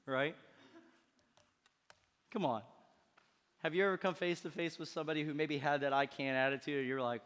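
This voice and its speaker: Male pastor, high bright voice, emphatic sermon with call-and-response, long church reverb. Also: normal speed, long pauses, clean tone. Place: church sanctuary.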